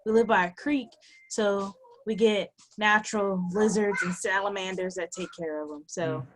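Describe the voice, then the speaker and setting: A woman from Alabama telling lively stories in a casual group video call, full of fillers and laughs. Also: mid-range voice, normal speed, slight background noise. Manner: animated, laughing storyteller with many fillers. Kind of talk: casual group chat, storytelling. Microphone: computer or headset mic on a video call.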